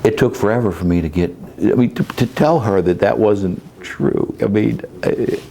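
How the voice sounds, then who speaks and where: Speaking at a moderate pace, the man has a mellow, fairly low voice with vocal fry. He's a middle-aged caregiver and sales coach recounting stories in a candid interview, rambling plainly with many fillers and restarts, and the recording carries faint background noise.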